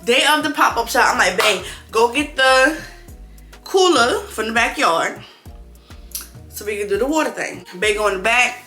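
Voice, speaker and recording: A young woman with a bright, forceful voice tells a casual vlog story about her small business, animated and quick to curse as she replays her own frustrations. The room rings with echo, and faint music sits underneath her. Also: fairly high pitch. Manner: animated, swears freely, acts out her own frustrated thoughts. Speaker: clothing brand owner vlogging.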